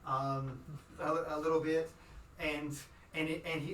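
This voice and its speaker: A man's voice: on the high side, steady tone, moderate pace. A man narrating a tabletop game as game master, in a rambling way full of restarts. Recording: roomy, from far off. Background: music.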